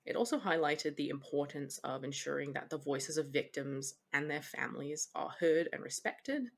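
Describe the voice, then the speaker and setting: A woman's voice: low voice, normal speed, gravelly. A woman co-hosting a podcast in casual chat, chatty, laughing often and drifting into explanations. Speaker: podcast co-host.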